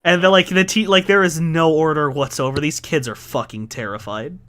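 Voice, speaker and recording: A man's voice: on the high side, steady tone, normal speed, a bit bright. A man narrating as game master in a casual, profane way, laughing often.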